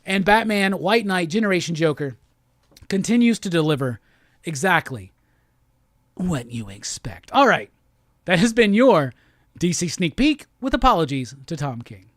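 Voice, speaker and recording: A man's voice: high-pitched, big pitch swings, normal speed, a bit bright, no room sound. A man hosting a comic book show, giving a heated, profane review in a rant-style talk. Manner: heated, profane, repetitive ranting.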